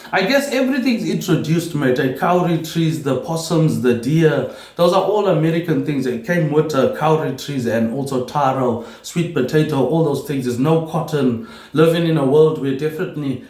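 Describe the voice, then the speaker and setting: A man rambling through a solo vlog monologue, repeating words and tagging his lines with a low "mate, eh". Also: a little mellow. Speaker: vlogger. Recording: roomy echo.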